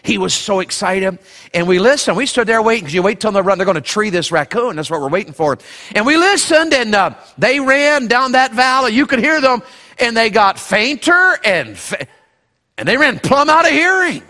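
A man's voice: sits high, big pitch swings, moderate pace, sharp tone, long reverb tail. A male pastor preaching a sermon, telling a folksy personal story and acting out the voices in it.

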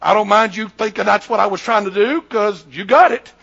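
A preacher voicing Jesus, calm and firm. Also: male voice, high voice, fairly quick, vocal fry, muffled recording, exaggerated voice. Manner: plain-spoken, emphatic, colloquial. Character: Jesus, calm, firm, matter-of-fact man.

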